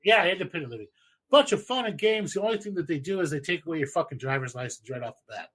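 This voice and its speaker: A man's voice: fairly high pitch, lively intonation, quick pace, a bit bright, breathy edge. A man, rambling through stories and opinions with plenty of swearing. He talks loosely, in a casual chat show. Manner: rambling, profane storytelling. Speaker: podcast host.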